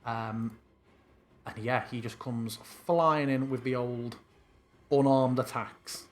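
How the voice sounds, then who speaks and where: A man's voice: mid-range voice, steady tone, slow pace. A man narrating as game master of an online tabletop game, describing the action loosely with fillers.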